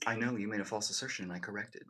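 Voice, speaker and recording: A man's voice: fairly low pitch, very fast, pushed and bright, low-quality recording. A young man live-streaming, casually joking and teasing as he reads and answers his chat.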